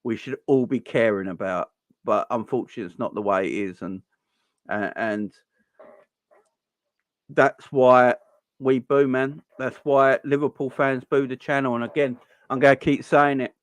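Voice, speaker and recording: A man from delivers a passionate rant, repeating himself, stumbling and restarting as his voice rises toward a shout. His pitch sits in a middle range. The sound is dry and close, with no room around it. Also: normal speed, dry recording. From London. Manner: heated, repetitive, stammering restarts, rising to near-shouts. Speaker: football channel host. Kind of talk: passionate ranting monologue.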